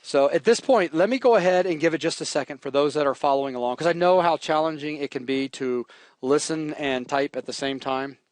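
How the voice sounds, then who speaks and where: A man's voice: a little high, brisk, no echo. Chatty man teaching code, dry sound. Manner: relaxed, jokey, talks while typing. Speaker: programming instructor. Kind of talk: live coding tutorial.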